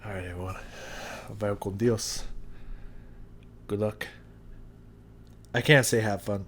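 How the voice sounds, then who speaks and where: A man vlogging a hot sauce tasting to his viewers, talking casually and haltingly as he describes the burn. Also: lowish voice, steady tone, fairly bright tone, slight background noise. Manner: talks through the burn, halting and drawn out. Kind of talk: casual chat to camera. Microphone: new studio mic.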